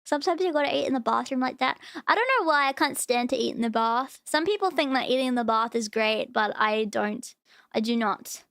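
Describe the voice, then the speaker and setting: A woman's voice: fairly high pitch, brisk, a bit bright, no room sound, faint music behind. A young woman streaming, chatting casually and gushing over cute animal videos. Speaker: VTuber streamer.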